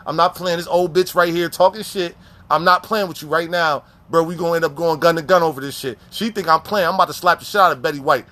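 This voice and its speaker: Guy acting out a panicky young inmate begging for help, bright and high. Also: fairly even intonation, quick pace. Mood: agitated. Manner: pleading, agitated.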